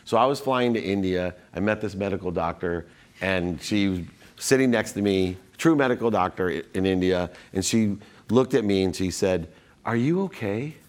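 Low-voiced man telling stories. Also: moderate pace. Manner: animated, acts out quotes, frequent restarts. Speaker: guest. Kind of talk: casual storytelling in a conversation.

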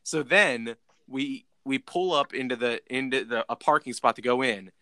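Young male podcast host, bright voice, dry close sound, casual rambling storyteller. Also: mid-range voice, normal speed, no room sound. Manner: rambling, lots of "like" and restarts.

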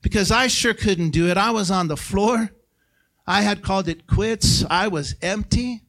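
A middle-aged man preaching in a church sanctuary, his voice sitting a little high for a man. He talks to the congregation like a friend, with bursts of loud emphasis and then quiet, hushed lines. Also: a little slow. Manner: conversational preaching with sudden shouted peaks and hushed drops. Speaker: guest pastor. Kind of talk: sermon.

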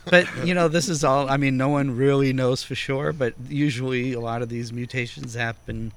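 Man casually explaining, mid-pitched voice. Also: fairly even intonation, moderate pace. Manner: explains at length, hesitant restarts. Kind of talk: casual chat.

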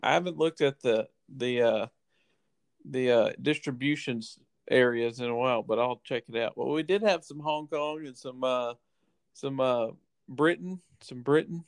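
Laid-back, gravelly podcast co-host. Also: male voice, medium pitch, normal speed, no echo. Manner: laid-back, lots of fillers and restarts. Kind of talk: casual chat.

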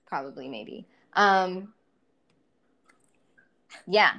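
A woman's voice: lowish voice, animated, extremely slow, creaky, sharp tone. A woman co-hosting a casual podcast, talking loosely with lots of swearing and eager plugs. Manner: loose, profane, enthusiastic plugging. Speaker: podcast co-host.

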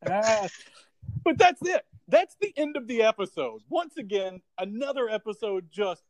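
A man's voice: high-pitched, animated, normal speed, poor audio. A man co-hosting a casual comedy podcast, recapping a TV episode, often laughing and swearing.

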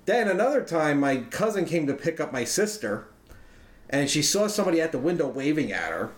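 A podcast co-host with a voice on the high side talks a little fast and very animatedly. Chatting casually with friends, he spins a long, rambling story, swearing freely in a loose, profane way, and the recording has a roomy echo.

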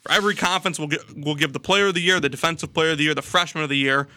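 An energetic man co-hosting a sports talk show, setting up segments and rules. His voice is very sharp and bright, a bit high, with a dry close sound. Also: very fast, no echo. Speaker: podcast co-host. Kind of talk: casual sports chat.

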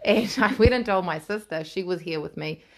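NZ woman, thirties, interview guest; blunt, giggly, low-pitched. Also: moderate pace. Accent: New Zealand. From New Zealand. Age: 30s. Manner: frank and laughing, swears freely. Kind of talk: candid storytelling.

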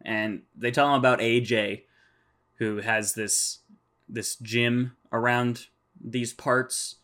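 A man's voice: mid-range voice, fairly even intonation, takes it slowly, a bit bright. A man co-hosting a casual podcast, recapping cartoon episodes with sarcastic, casually profane remarks and frequent murmured agreement. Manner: sarcastic, swears casually, many "mm-hmm" backchannels. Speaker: podcast co-host.

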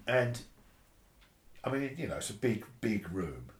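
Animated man in a roomy echo. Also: medium pitch, takes it slowly. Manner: animated, swearing, acts out quoted voices. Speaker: session bass player. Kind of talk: casual storytelling interview.

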